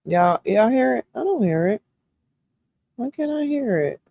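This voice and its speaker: A woman hosting a reaction video, teasing and laughing loudly as she comments on a clip. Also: fairly high pitch, big pitch swings, measured pace, vocal fry, dull audio.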